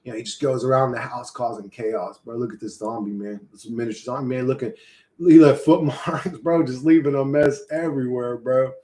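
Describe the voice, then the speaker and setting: A man's voice: mid-range voice, moderate pace, mellow. Rambling, profane male streamer. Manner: rambling, profane, laughs often. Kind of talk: casual live-stream chat. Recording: echoey room.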